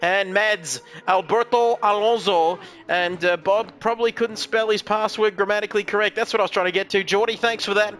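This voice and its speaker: Bright, high-voiced man calling a race. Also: steady tone, quick pace, hardly any pauses, slight background noise. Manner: chatty, jokey, reads out viewer comments. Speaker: sim racing commentator. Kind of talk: live race commentary.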